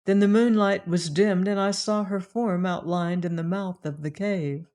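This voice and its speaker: A woman reading a classic adventure novel aloud in first person, measured and unhurried. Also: medium pitch, fairly even intonation, darkish tone. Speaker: audiobook reader.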